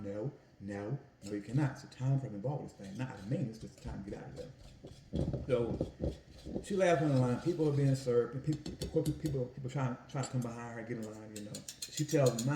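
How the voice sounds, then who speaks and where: A man in his home kitchen, telling stories about his Italian ice business in an animated, folksy way while he cooks. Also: medium pitch, a little fast, roomy sound, a little hiss or hum. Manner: animated, folksy storytelling with "y'all" and "family". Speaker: food vlogger and Italian ice vendor. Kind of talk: casual storytelling while cooking.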